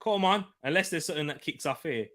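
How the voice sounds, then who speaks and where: Excitable man with a bright voice. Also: on the high side, fast. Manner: excitable, laughs often, bursts into shouts at chances. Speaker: football watchalong host. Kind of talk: live football watchalong commentary.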